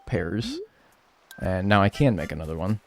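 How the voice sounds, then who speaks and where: A man streaming a video game, talking loosely and joking as he plays. His voice swings up and down with lively energy, and faint game music runs underneath. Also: low voice, normal speed, creaky. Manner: rambling, animated and joking. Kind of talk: casual live-stream gaming chat.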